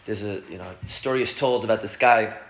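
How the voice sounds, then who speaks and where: A man's voice: fairly quick, gravelly. A man, a rabbi, casually teaching a class and acting out the people in his story. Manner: animated, acts out characters with big pitch jumps. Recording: dull lo-fi room recording.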